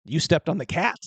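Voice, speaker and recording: A man's voice: medium pitch, dry recording. A man narrating as game master of a tabletop game, loose and chatty, laughing often.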